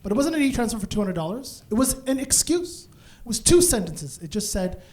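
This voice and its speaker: A man from Africa performing live stand-up, telling an office story that keeps building and bursting into loud shouted punchlines. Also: sits high, fairly quick. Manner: animated, escalating, bursts into shouts. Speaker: stand-up comedian. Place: stage before a live audience.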